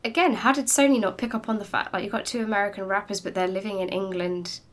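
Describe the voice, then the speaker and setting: A woman's voice: medium pitch, fast, a little hiss or hum. Enthusiastic woman podcast co-host. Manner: animated, enthusiastic, laughs easily. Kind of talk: casual book chat.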